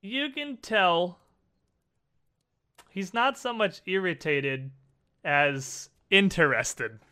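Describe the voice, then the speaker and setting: A man's voice: sits high, animated, extremely slow, sharp tone, clear, resonant tone. A man narrating a tabletop game as game master, with dramatic, lingering narration.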